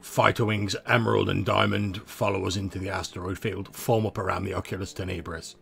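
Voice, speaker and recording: Guy doing a gruff low commander on the comms, curt formal orders, bit loud. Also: flat delivery, brisk, soft background music, heavily acted. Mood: commanding. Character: gruff male military fleet commander over comms.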